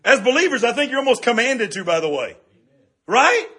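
A middle-aged man preaching a sermon as pastor, lively and conversational, often tossing in "right?" to the congregation. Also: extremely high pitch, fairly quick, husky.

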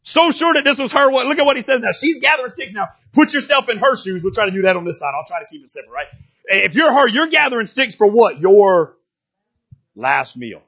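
A man preaching a sermon, animated and playful, acting out characters and rising to shouts. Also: sits high, a little fast, slightly rough, lo-fi sound. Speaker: pastor.

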